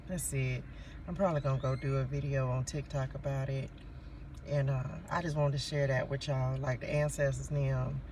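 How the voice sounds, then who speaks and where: Recorded on a phone in a noisy park, a male vlogger with a mid-range voice shares a story with his audience. The mic sounds distant, and he stays animated throughout, addressing viewers again and again as y'all.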